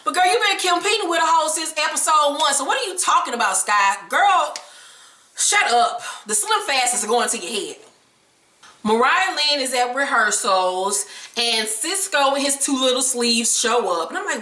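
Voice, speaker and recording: A woman's voice: high-pitched, expressive, moderate pace, pushed and bright, echoey room, recorded from a distance, poor audio. A woman hosting a sassy, blunt and profane recap of a reality show. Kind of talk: sassy episode recap commentary.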